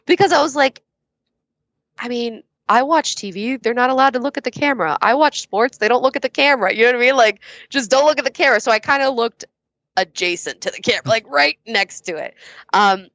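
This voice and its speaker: A woman's voice: a little high, lively intonation, a little fast, fairly bright tone, no echo, highs cut off. A woman being interviewed as a guest judge, talking candidly, laughing often and swearing casually.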